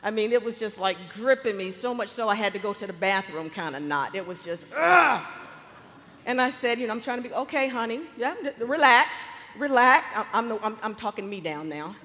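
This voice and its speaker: A woman telling a personal faith story in a lively, animated way, acting out the people she quotes. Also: mid-range voice, quick pace, few pauses, in a large hall.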